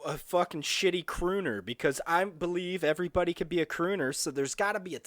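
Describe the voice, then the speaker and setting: A man co-hosting a comedy podcast, chiming in with quick, joking interjections. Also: high-pitched, fairly bright tone, no echo. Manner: jokey interjections, riffing. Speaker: podcast co-host. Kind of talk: casual comedic banter.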